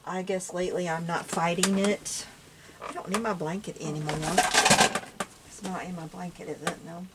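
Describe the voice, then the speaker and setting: A woman's voice: on the low side, steady tone, moderate pace, very noisy. An older woman with a Southern US accent talks to herself as she crafts. She sounds tired, sighs often and laughs between sentences. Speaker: craft vlogger. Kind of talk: casual talk while crafting.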